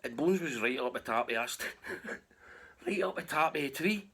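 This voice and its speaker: A man's voice: mid-range voice, expressive, normal speed, fairly bright tone, breathy edge. A man with a Scottish accent telling a rambling camping story in a casual, sweary way, laughing as he goes.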